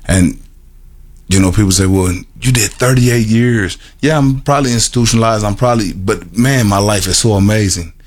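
Deep-voiced man telling his story haltingly. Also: darkish tone. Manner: halting, repetitive storytelling with many restarts and fillers; earnest and emotional, laughs at himself. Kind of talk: personal testimony to a group.

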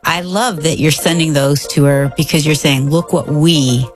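A woman co-hosts the interview and speaks in an affirming, warm way. Her voice is low for a woman. She sounds a little off-mic, with faint music underneath. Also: normal speed.

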